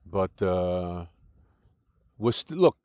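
A man's voice: low-pitched, animated, drawn-out words, mellow, clear, resonant tone, no echo. An older American-born man with an American accent, giving an interview in an argumentative, lecturing way, restarting sentences often. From United States. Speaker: interview guest.

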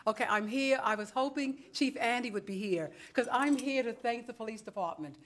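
At a city council meeting, a New York woman delivers a chatty, dramatic public comment, playing both sides of every conversation she recounts. Her voice is fairly high, brisk and a touch bright, heard in the council chambers.

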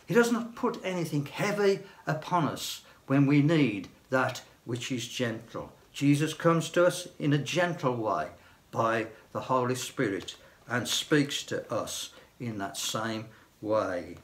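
An older man who serves as a church elder preaches a sermon slowly and gently, his medium-pitched, expressive voice falling to a hush on key phrases.

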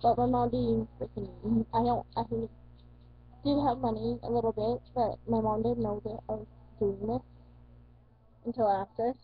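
A woman's voice: fairly high pitch, fairly even intonation, normal speed, husky. A teenage woman vlogging in casual chat, rambling, correcting herself and swearing casually. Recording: dull lo-fi dry recording.

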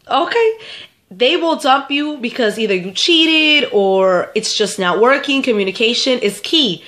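A woman's voice: mid-range voice, fairly bright tone. A young woman vlogger with a stuffed-up nose, chatting casually and giving advice straight to her viewers and often repeating herself. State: stuffed up, getting sick. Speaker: vlogger answering viewer questions.

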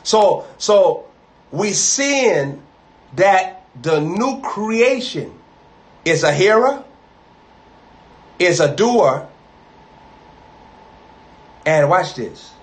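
A man preaching a live sermon, emphatic and rising to loud, high peaks on key words as he repeats and builds phrases into lists. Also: very animated, drawn-out words, long pauses.

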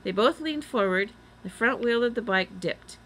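A woman reading a children's chapter book aloud, doing the children's lines a little higher. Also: lively intonation, normal speed, fairly bright tone, low-quality recording. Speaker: reader. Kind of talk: storybook read-aloud.

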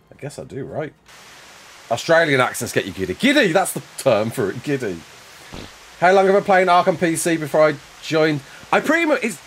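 A young man chatting casually with viewers while playing a game live, quick to laugh and often restarting his sentences. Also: fairly high pitch, slight background noise. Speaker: live streamer.

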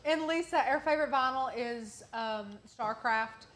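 A woman with a Southern US accent hosts a live crafting stream. She chats in an upbeat way and talks straight to the viewers. Her voice is a touch high. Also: a little slow, a bit bright. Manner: upbeat, reads viewer comments aloud. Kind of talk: casual live-stream chat.

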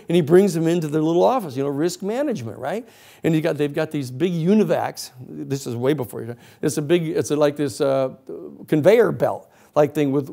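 Rambling, animated male lecturer. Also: a little high. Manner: rambling, animated storytelling with many fillers. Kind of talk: classroom storytelling lecture.

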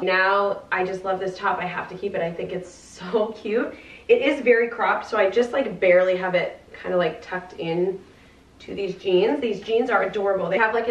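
Bubbly young woman filming a try-on haul. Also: mid-range voice. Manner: bubbly and chatty. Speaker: fashion vlogger. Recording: roomy, distant and slightly dull.

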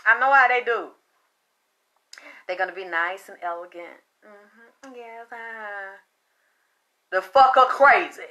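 A woman's voice: medium pitch, takes it slowly, pauses often, sharp tone. A woman giving a casual tarot card reading, chatty and profane, often breaking into laughter. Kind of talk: casual spiritual reading monologue.

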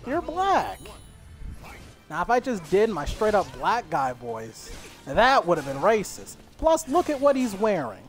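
A man's voice: sits high, very animated, moderate pace, soft background music. A man streaming a story game, chatting casually with joking, apologetic banter. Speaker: gaming streamer.

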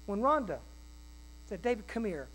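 A male pastor preaching a sermon in a folksy, animated way, with quick asides and acted-out quotes. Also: high-pitched, low-quality recording. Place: church.

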